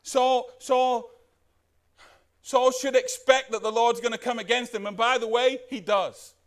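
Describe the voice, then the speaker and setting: A man preaching a sermon as pastor, animated and putting questions to the congregation. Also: very high-pitched, unhurried.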